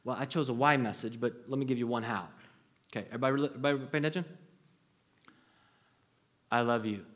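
A man's voice: medium pitch, rapid-fire. A man in his thirties preaching a sermon to a congregation, earnest and conversational, with frequent restarts. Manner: earnest, storytelling with acted quotes, conversational restarts. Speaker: pastor.

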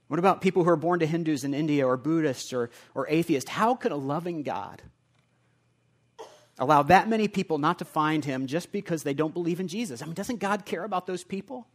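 A man preaching a sermon, earnest and conversational, moving between quiet reflective passages and emphatic repeated lines. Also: fairly high pitch. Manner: earnest, builds from quiet asides to emphatic repetition. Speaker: pastor.

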